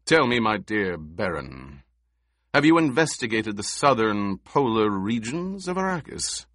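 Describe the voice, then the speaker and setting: A man playing an emperor who speaks in a quiet, dryly mocking murmur, in an audiobook. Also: fairly low pitch, sing-song, unhurried, no room sound, clean studio sound. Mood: derisive. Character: cool, derisive male emperor.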